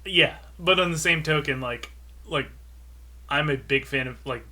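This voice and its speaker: A man co-hosting a casual podcast, with a bright yet husky voice. He talks in a hesitant way, restarting his sentences as he goes. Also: a little high, a little slow. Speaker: podcast co-host. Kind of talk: casual chat.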